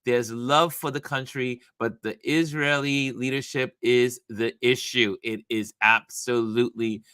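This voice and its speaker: A man from New York hosting a casual talk show, telling a story in an animated way with many restarts. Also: mid-range voice, measured pace, smooth, dry recording, studio quality. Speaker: host.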